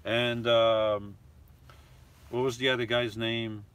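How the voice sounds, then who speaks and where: A man of middle pitch talks casually to his live-stream audience from inside a camper van. He reads viewer comments aloud and rambles on about each one in a loose, chatty way. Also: level tone, slow, a bit bright, smooth.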